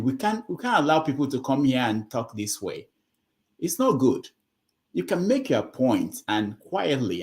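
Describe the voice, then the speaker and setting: Middle aged guy moderating a chat, lively up and down voice, scolds and repeats himself a lot. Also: mid-range voice. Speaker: host moderating an online discussion. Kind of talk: casual moderating talk.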